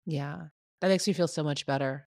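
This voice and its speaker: Woman host on a podcast, lowish voice, earnest and personal, dry close sound. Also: moderate pace, gravelly, no room sound. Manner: warm, earnest, personal, rambling. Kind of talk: podcast conversation.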